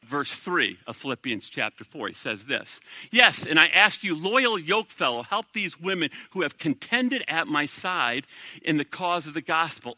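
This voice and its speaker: Animated, bright-voiced male pastor preaching. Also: sits high, no room sound. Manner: animated, conversational preaching with rhetorical questions. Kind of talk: sermon.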